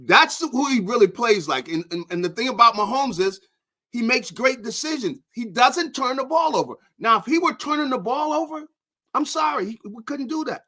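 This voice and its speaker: Rambling male football analyst, bright voice. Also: very high-pitched, lively intonation, moderate pace. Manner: rambling, lots of restarts and "you know". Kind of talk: casual sports talk.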